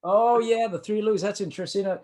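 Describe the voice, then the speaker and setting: A man in his sixties from East Los Angeles, a musician guest telling a story in casual chat, rambling and halting with many restarts. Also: high voice, a little mellow.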